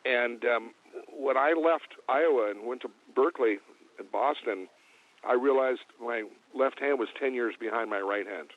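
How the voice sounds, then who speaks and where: A man being interviewed as a guest drummer, relaxed and joking, talking with lots of hesitant fillers. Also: medium pitch, normal speed, dry recording. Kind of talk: casual interview. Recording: tinny phone line.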